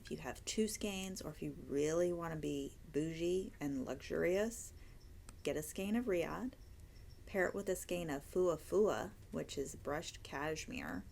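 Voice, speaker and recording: A woman hosting a relaxed chat, her voice low and gravelly with a fry at the ends of phrases. She talks in a chatty, gushing way, piling up words of praise. A faint hiss of noise sits behind her. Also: unhurried. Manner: chatty, enthusiastic, gushing about yarn. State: hiccups and tired. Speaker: yarn shop owner and host. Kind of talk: casual interview chat.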